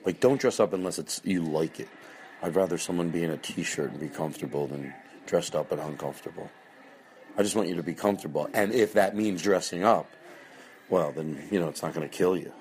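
Deep-voiced man rambling on a podcast. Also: a little fast, darkish tone, slight background noise. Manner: rambling and self-interrupting, swears casually. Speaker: podcast host. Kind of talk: casual rambling chat.

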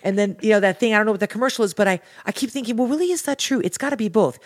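A woman's voice: medium pitch, rapid-fire. A woman guest on a podcast, talking in an earnest, rambling, motivational way. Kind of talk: casual podcast chat.

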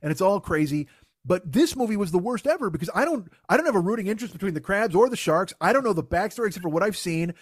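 Male podcast host, high-pitched, dry close-mic sound, profane exasperated comic ranter. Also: lively intonation, fast, breathy edge, no room sound. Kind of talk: casual comedic rant.

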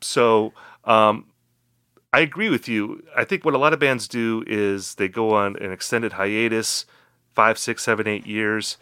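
A man's voice: fairly low pitch, fairly even intonation, measured pace, sharp tone, clear, resonant tone, no room sound, studio quality. A man co-hosting a casual music podcast, jokey and upbeat as he reads out listener questions. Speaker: podcast co-host.

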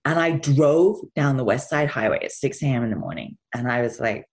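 A middle-aged woman in an interview, talking casually and telling stories. Her pitch rises and falls a lot as she goes, and she laughs often. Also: brisk. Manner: chatty, animated storytelling with laughs. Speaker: guest actress.

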